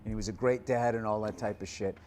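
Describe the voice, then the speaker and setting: A man's voice: fairly low pitch, quick pace, slight background noise. A man telling a story in casual chat as a podcast host, swearing often and acting out the people in it. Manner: profane, animated storyteller.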